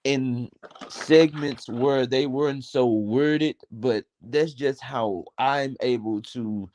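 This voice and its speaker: A man's voice: medium pitch, darkish tone, poor audio. Wordy young man telling a story. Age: 20s. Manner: wordy, digressive, swears freely. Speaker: panel speaker. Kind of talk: casual storytelling.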